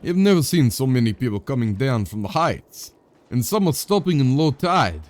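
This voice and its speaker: A man's voice: medium pitch, big pitch swings, moderate pace, a little mellow, close to an everyday voice. A man voicing a lonely young villager who longs for love, with a vague put-on foreign accent and a dreamy lilt. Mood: wistful.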